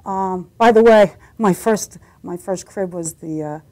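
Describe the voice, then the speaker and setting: Chatting in a relaxed interview, a middle-aged singer from the United States tells anecdotes and performs the voices in them as a guest. She speaks a little slowly in a mid-range voice with a dark tone.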